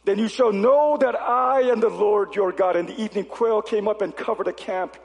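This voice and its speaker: A man preaching a sermon, reading scripture aloud and asking the congregation rhetorical questions with animated delivery. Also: high voice, moderate pace, vocal fry, big-room sound. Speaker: pastor.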